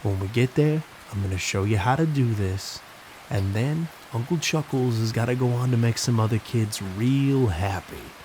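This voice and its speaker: A man's voice: medium pitch, normal speed, mellow, slight background noise, close to an everyday voice, poor audio. A man doing a creepy New York clown. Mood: coaxing. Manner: wheedling, coaxing. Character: creepy male party clown with thick New York accent.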